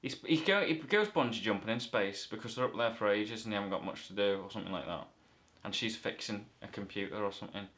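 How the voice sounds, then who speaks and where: Man from northern England, rambling comic review, low voice, playful. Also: fast talker, few pauses, fairly bright tone. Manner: rambling, self-correcting, playful. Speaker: movie reviewer.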